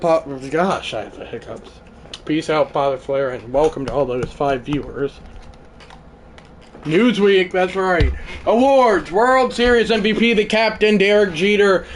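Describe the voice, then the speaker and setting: A man with a high voice hosts a live stream and calls a baseball video game in an unhurried way. He swings between excited shouts and low, mumbled asides to his chat. A faint hiss of background noise sits under him. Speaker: livestream host.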